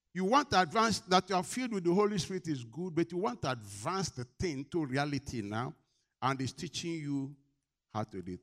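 A man preaching a sermon, asking the congregation questions and answering them, swinging between loud and quiet. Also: medium pitch.

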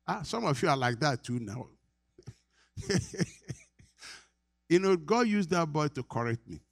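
A man's voice: a little high, big pitch swings, normal speed, creaky, long pauses, dry recording, studio quality. A middle-aged Nigerian man preaching a sermon as pastor, earnest, repeating his phrases and laughing often.

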